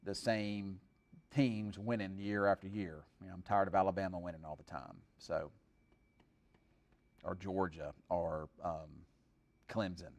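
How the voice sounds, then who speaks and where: A man's voice: sits low, fairly even intonation, measured pace, long pauses, darkish tone. A middle-aged man chatting casually on a live stream in a rambling, folksy way, full of fillers. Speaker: weather streamer.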